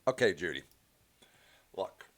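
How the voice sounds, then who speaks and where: A man's voice: sits low, a little slow. A man hosting a casual livestream, reading comments aloud with sarcastic, indignant asides. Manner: animated and sarcastic, with indignant outbursts. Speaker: livestream host.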